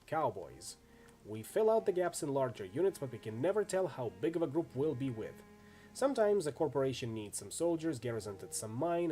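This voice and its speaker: A man's voice: a little high, mellow. A man voicing a brash, tough female mercenary in a game reading, telling stories in a chatty, wry way.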